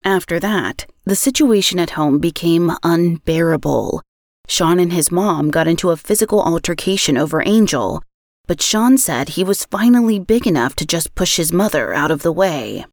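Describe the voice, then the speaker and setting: A woman hosting a podcast, reading a scripted true-crime story in a measured way that slows on grim details. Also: lowish voice, expressive, no echo, studio quality. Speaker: podcast host.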